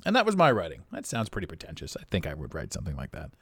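Man, podcast host, casual monologue, rambling, self-amused, lively pitch, dry sound. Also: racing, slightly rough, dry recording. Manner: animated pitch swings.

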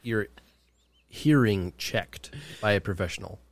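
A man's voice: fairly low pitch, a little slow, creaky, dry recording. A man co-hosting a podcast in casual chat, teasing and wry. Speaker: podcast co-host.

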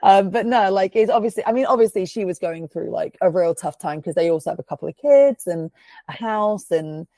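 A woman's voice: mid-range voice, animated, brisk, mellow, no room sound. A woman hosting a podcast, chatting casually and telling a story with lots of fillers and swearing. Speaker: podcast host. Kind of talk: casual chat.

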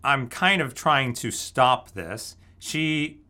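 A man's voice: mid-range voice, lively intonation, slow, sharp tone. A man casually telling a story, laughing often as he goes. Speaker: guest telling a dating story. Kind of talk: casual anecdote.

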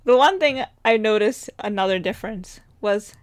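A woman's voice: mid-range voice, moderate pace, no room sound, clean studio sound. A young woman in casual chat, laid-back and chiming in with short remarks.

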